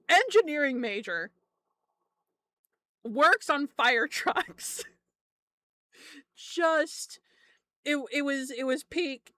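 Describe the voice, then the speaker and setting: A woman's voice: high-pitched, big pitch swings, takes it slowly, pauses often, a bit bright, no room sound. Laid-back, giggly young woman streamer. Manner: laughs often, swears freely, rambling storytelling. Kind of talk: casual chat stream.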